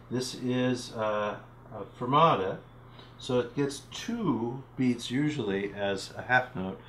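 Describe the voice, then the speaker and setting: A male music teacher walks through a lesson at a middle pitch, counting beats aloud and chanting rhythm syllables as he explains. The room around him is roomy and echoey. A faint hiss sits under the voice. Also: measured pace, fairly bright tone. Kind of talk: recorded music theory lesson. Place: home room.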